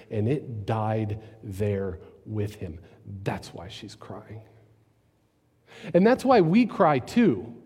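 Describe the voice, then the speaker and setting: A man preaching a sermon, telling the story with dramatic drops to quiet, almost whispered lines. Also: medium pitch. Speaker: pastor. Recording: long reverb in a large hall.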